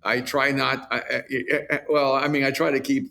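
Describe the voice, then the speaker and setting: A man's voice: medium pitch, level tone, moderate pace, gravelly, bright, forceful tone. An older man hosting a podcast, talking in a reflective, musing way in casual conversation. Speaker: podcast host.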